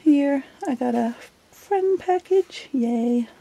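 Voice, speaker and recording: A woman's voice: high-pitched, animated, takes it slowly, vocal fry, dark tone. A middle-aged woman chatting casually while flipping through her journal, giggly and self-deprecating. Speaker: journal vlogger. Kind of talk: casual show-and-tell chat.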